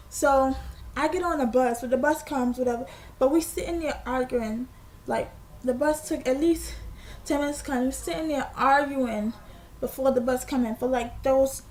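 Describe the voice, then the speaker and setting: A young woman with a high, light voice tells a storytime vlog in a lively, slangy way, acting out quoted dialogue as she goes. A faint hiss sits under her voice. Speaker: vlogger.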